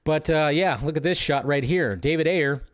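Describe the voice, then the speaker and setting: A man's voice: a little high, normal speed, clean tone. Chatty man hosting a movie stream. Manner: chatty, rambling, repeats phrases, laughs easily. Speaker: host of a live movie news stream. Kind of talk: casual live-stream commentary.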